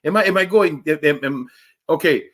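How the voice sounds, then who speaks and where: A man chatting casually to viewers on his livestream, joking and rambling, laughing often and swinging between loud outbursts and low mutters. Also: normal speed. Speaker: livestream host.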